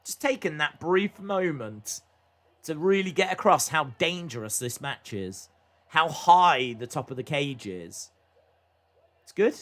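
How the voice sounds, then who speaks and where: A man's voice: fairly high pitch, lively intonation, unhurried, a bit bright. A young man hosting a casual live reaction stream, chatting and thinking aloud with frequent fillers.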